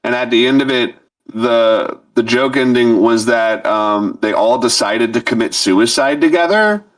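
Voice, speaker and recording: A man's voice: mid-range voice, measured pace, no room sound, far from the mic. A man co-hosting a podcast, chatting casually and rambling through his points with lots of fillers. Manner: rambling, full of fillers and goofy voices. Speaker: podcast co-host. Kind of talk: casual chat.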